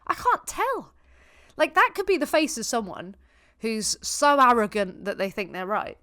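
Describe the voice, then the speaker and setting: A woman's voice: a little high, sing-song, moderate pace, bright, forceful tone, clear, resonant tone, dry recording, studio quality. A woman hosting a vegan reaction video, talking sarcastically, laughing often and swearing freely.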